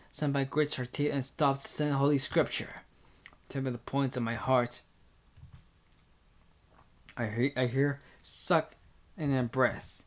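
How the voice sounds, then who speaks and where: A woman reading a visual novel aloud and commenting, halting and stumbling over words. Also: extremely low pitch. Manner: halting, with restarts and laughs. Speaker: game reader.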